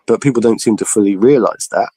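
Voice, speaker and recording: A man's voice: fast talker, dark tone, breathy edge, dry recording, low-quality recording. A man on a casual podcast panel, telling long rambling stories full of restarts. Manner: rambling storyteller, full of restarts, jumps high when imitating others.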